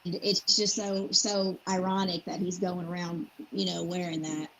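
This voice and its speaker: A woman's voice: lowish voice, flat delivery, a little slow, poor audio. A woman in casual chat who speaks hesitantly and repeats herself. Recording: loud background noise.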